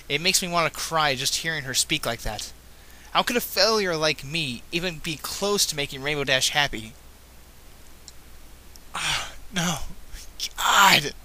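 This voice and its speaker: A man's voice: on the high side, sharp tone. A man reading fan fiction aloud, breaking off with casual, self-correcting asides. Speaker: reader.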